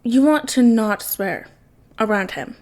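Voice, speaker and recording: A woman's voice: fairly high pitch, normal speed, a little mellow, close to an everyday voice. A woman reading the lines of a defiant young man who speaks in a mocking, sardonic way in a storybook reading.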